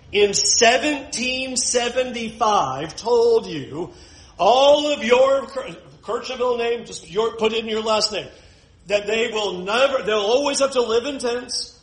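A male pastor preaching a conversational sermon, moving between hushed asides and emphatic points. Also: high voice, low-quality recording.

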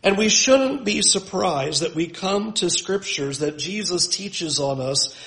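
Male pastor, higher register, emphatic preaching, roomy echo on the recording. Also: lively intonation, unhurried, vocal fry, a bit bright. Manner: emphatic, building lists with rising force. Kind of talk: sermon.

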